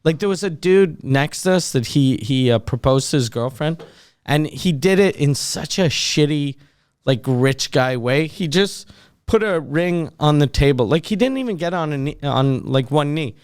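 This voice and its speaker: A man's voice: on the high side, expressive, moderate pace, a little mellow, clean tone, dry recording, clean studio sound. A man with a Québécois French accent whose first language is French, co-hosting a comedy podcast and telling crude stories with acted-out quotes. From Quebec, Canada. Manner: crude storyteller acting out quotes. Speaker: podcast co-host. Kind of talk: casual comedy chat.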